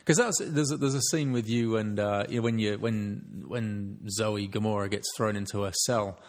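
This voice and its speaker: A man's voice: fairly low pitch, steady tone, normal speed. A man interviewing a guest in a chatty way, prompting with questions. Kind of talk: casual interview chat.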